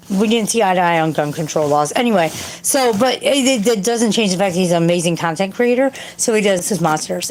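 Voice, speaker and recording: A woman hosting a casual livestream from home, rambling and swearing as she answers chat. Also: lowish voice. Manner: profane, rambling, talks to chat and yells at her cat. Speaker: livestream host reading chat. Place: home, indoors.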